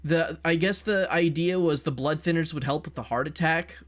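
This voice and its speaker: A man's voice: a little high, normal speed, few pauses. A man, ranting in a blunt, profane way during a casual stream. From Canada. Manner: blunt, profane, heated opinion talk.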